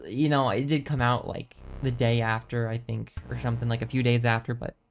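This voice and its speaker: A male game streamer wrapping up a session with loose, casual commentary. He rambles from thought to thought, hedging and restarting his sentences. His voice sits at an ordinary, middle pitch. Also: fairly even intonation, fairly quick, creaky, slight background noise. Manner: rambling, thinks aloud; hesitant, many ums and restarts.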